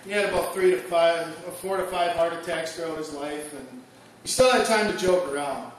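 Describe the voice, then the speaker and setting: A man's voice: on the high side, brisk. A man performing a stand-up comedy set, telling jokey stories and acting out the people in them. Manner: jokey storytelling, acts out quoted voices. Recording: echoey room from far off, noisy.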